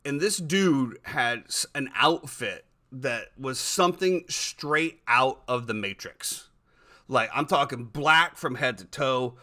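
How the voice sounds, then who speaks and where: A man hosting a casual podcast, telling animated stories and often repeating his words. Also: mid-range voice, takes it slowly. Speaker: podcast host.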